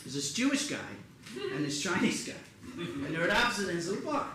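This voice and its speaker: A middle-aged man performing live stand-up comedy in a theater, telling animated stories and acting out the people in them. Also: high voice, brisk, recorded from a distance. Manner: animated storytelling, acts out his mother and joke characters. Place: theater stage before a live audience. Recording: roomy theater sound with audience noise.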